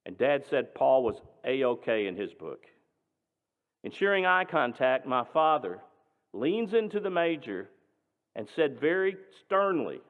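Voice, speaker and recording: Dramatic pastor telling a story in an echoing hall. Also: male voice, medium pitch, very animated, measured pace, phone-quality sound. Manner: dramatic, emphatic, shifting between loud and hushed. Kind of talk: storytelling sermon. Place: synagogue sanctuary.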